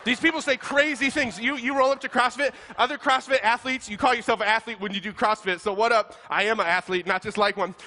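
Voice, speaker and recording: Male pastor, bright and forceful tone, animated comic sermon storyteller. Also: extremely high pitch, quick pace, hardly any pauses. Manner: animated, self-deprecating, laughs while talking.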